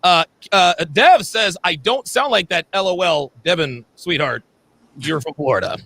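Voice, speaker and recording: A man hosting a livestream panel, reading viewer super chats aloud and quick to laugh. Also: high-pitched, lively intonation, bright, forceful tone. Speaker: host.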